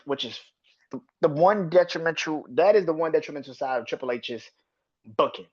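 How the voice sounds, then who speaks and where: A man with a slightly high voice rants through a solo podcast review, swearing constantly and restarting his sentences. His voice comes through a dull, muffled, lo-fi microphone. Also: normal speed, husky. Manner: profane, ranting, repetitive restarts. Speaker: podcast host.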